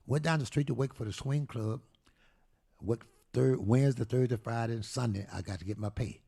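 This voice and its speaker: A man in his eighties telling a lively story at a live talk event, acting out the people he quotes. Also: medium pitch, normal speed, gravelly, slightly rough. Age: 80s. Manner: animated storyteller, acts out quoted voices. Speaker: guest storyteller.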